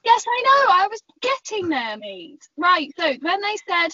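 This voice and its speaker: A young woman, chatting on a podcast and acting out an animated story with lots of giggles. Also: extremely high pitch, a little slow, dry recording. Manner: animated, giggly, acts out quoted voices. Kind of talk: casual storytelling chat. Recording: slightly muffled, dry sound.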